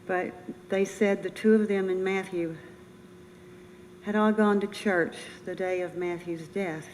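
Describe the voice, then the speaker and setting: An older woman giving a personal memorial speech as a bereaved military mother, earnest, halting and emotional. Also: mid-range voice, fairly even intonation, a little mellow. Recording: reverberant room with faint noise.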